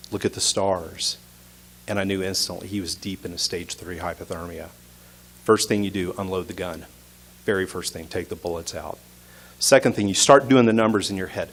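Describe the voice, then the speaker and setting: Lowish voiced guy telling a story live on stage, tense punchy short sentences. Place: stage at an arts center.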